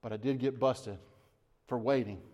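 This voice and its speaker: Male pastor, earnest sermon, emphatic repetition, mid-pitched voice. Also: fairly even intonation, moderate pace, dark tone, muffled recording. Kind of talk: sermon and closing prayer.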